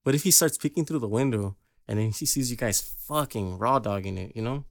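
A man's voice: medium pitch, a little fast, no room sound. A young man hosts a podcast in loose, crude banter. He rambles, laughs a lot and loses his train of thought, his voice close and dry. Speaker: podcast host.

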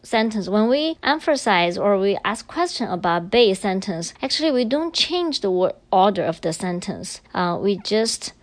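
A woman's voice: medium pitch, sing-song, normal speed, few pauses, no echo. A woman teacher explaining grammar patiently in a recorded language lesson, moving between English and Chinese.

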